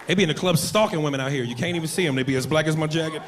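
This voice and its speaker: A man's voice: on the high side, background noise. A man doing a crude, brash stand-up comedy set on a club stage with a handheld mic. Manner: crude, brash, rapid-fire jokes.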